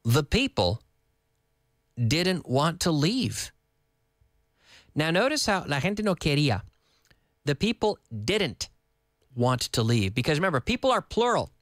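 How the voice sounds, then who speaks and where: A male teacher with a fairly high voice that leaps around all over the place. He explains grammar in a playful, joking way. The sound is dry and close, with no room echo. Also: a little slow, long pauses. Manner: animated, playful, switches between English and Spanish. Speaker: English teacher. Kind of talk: lively TV English lesson.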